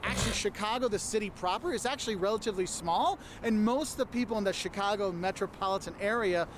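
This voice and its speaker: A man's voice: sits high, fast, noisy background. A man talking casually to camera as a travel vlogger, giving chatty, explanatory advice about a city with a light humorous touch.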